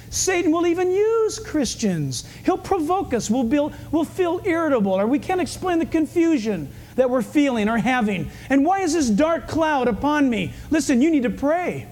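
A male pastor preaching a sermon, animated and humorous, swinging from fast urgent bursts to low hushed asides. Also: a little hiss or hum. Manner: humorous, storytelling.

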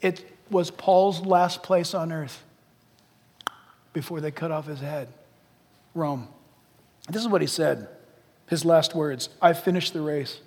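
A middle-aged pastor delivers an animated, humorous sermon that drops into hushed asides. His voice sits high, and it is recorded in a church sanctuary with a long, lingering hall reverb. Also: slow, long pauses.

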